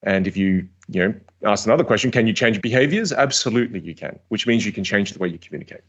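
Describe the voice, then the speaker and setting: A man coaching on communication in a podcast interview, energetic and emphatic, stressing points by repeating words. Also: fairly low pitch, fast, dull audio.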